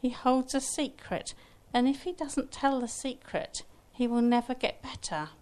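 A woman storyteller voicing a veiled female healer who speaks slowly and solemnly. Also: high voice, darkish tone, pitched above the performer's own voice.

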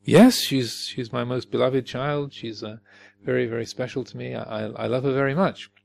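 Man playing a stubborn king, blustering, halting, gravelly. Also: medium pitch, steady tone, a little mellow, slight background noise. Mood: earnest. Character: proud, stubborn male king.

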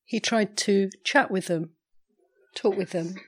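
Unhurried woman telling a dharma story. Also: medium pitch. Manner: measured, unhurried, clears throat often. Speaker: meditation teacher.

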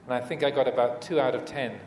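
A man teaching as a Buddhist monk in a dharma talk, speaking hesitantly with many fillers and restarts and gentle humor. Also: mid-range voice, fairly even intonation, quick pace. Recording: echoey hall, faint room noise.

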